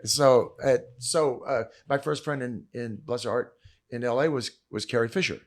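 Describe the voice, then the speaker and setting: An older man, a podcast guest, telling stories in animated conversation, acting out quotes with sudden loud bursts and dropping low for asides. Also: moderate pace. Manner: acts out quotes with big swings in pitch and loudness; drops low and quiet for asides. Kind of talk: animated storytelling chat.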